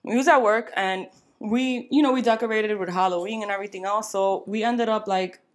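A young woman co-hosting a podcast, telling a story in an animated, casual way and slipping Spanish phrases into her English. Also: mid-range voice, fairly quick. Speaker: podcast co-host.

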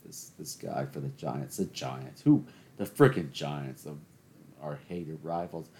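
A man's voice: very deep voice, unhurried, warm tone. A man hosting a solo podcast, ranting sarcastically and doing joking play-by-play while watching a game. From suburban Southern US. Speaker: podcast host. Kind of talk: ranting solo commentary over a game broadcast.

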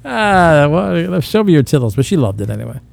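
A man's voice: a little high, big pitch swings, normal speed, gravelly, no echo. A man co-hosting a podcast, talking in crude, boastful, rambling banter and laughing at himself. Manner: boastful, rambling, self-mocking with frequent laughs. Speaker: podcast co-host. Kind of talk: casual crude comedic banter.

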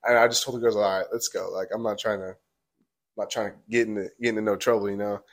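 A man's voice: lowish voice, level tone, fast talker. Young man telling a rambling story. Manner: rambling, many "like"s, acts out quotes. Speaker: podcast host. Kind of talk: casual storytelling.

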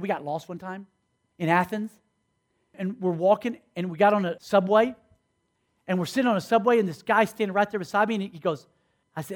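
Male preacher, high voice, animated storyteller who acts out the dialogue. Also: brisk. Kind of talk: sermon storytelling.

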